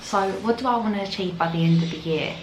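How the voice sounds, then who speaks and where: This young London vlogger talks fast in a mid-range voice, chatting to camera outdoors in the evening and filling gaps with "like." The sound is roomy, with noise in the background.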